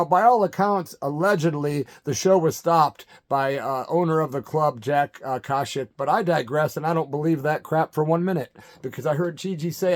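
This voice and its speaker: A middle-aged man hosting his channel, telling a story in an animated, hyper way and acting out the quotes. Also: on the high side. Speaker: channel host. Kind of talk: storytelling monologue.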